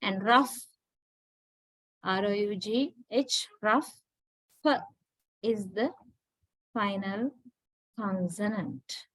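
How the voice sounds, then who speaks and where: A woman teaching a class, slowly and deliberately repeating words to drill pronunciation. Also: mid-range voice, a bit bright, no echo, poor audio. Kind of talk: classroom lecture.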